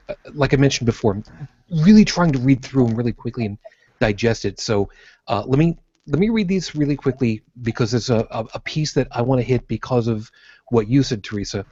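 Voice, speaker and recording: A man hosting a casual podcast chat who reads out viewer questions in a halting way, with many "uh" fillers. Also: mid-range voice, darkish tone, dry recording. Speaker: podcast host. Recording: dry, dull lo-fi call audio.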